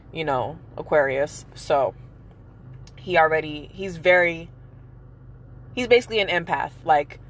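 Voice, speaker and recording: A young woman, a mother, ranting angrily with heavy swearing in a casual vlog. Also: deep voice. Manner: angry, profane, emphatic ranting. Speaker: mother venting. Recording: noisy street background.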